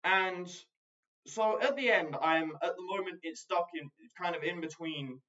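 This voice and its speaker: A man talking through a personal video diary in a hesitant, halting way, glum and brooding, with many restarts. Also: high voice, pushed and bright, lo-fi sound. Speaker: video diarist.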